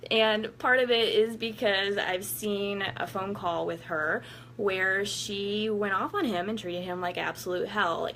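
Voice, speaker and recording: A woman's voice: on the low side, fairly bright tone, slight background noise. Blunt, profane woman vlogger. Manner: blunt and profane, laughing often, acting out quotes. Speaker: vlogger giving workout motivation. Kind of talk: casual candid monologue to viewers.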